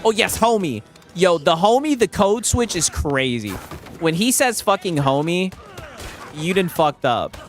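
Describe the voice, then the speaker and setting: A man's voice: high-pitched, very animated, a little slow, soft background music. A man chatting casually on a stream, telling stories with frequent laughter and swearing.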